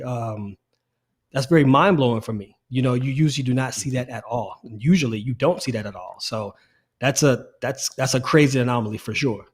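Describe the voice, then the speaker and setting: A middle-aged man co-hosting a casual sports podcast, animated and repeating his phrases as he talks. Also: medium pitch. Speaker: podcast co-host.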